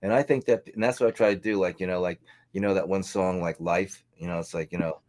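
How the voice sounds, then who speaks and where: A man's voice: sits low, steady tone, fast talker, darkish tone. A man from New York, a guest musician, talking in a casual, rambling way full of "you know". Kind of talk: casual podcast chat.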